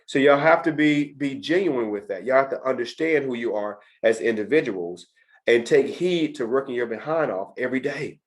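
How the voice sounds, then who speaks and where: A man's voice: medium pitch, animated, normal speed. A middle-aged man teaching a test prep session to students, talking emphatically and repeating his key points. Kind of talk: lecture to students.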